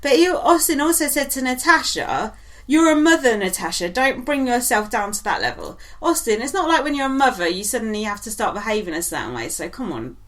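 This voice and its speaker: A woman's voice: a little high, big pitch swings, a little fast. A woman co-hosting a casual gossip chat, blunt and opinionated, laughing often. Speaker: podcast co-host.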